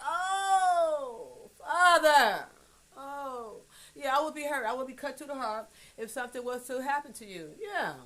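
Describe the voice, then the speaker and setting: A middle-aged woman on a phone livestream, talking to her grown son in a rambling, blunt monologue. She swears freely and swings between soft and loud. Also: on the high side.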